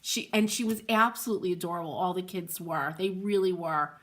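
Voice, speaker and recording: Speaking briskly in a lowish voice, the middle-aged host of the furniture painting livestream rambles as she chats. She laughs a lot and greets viewers by name.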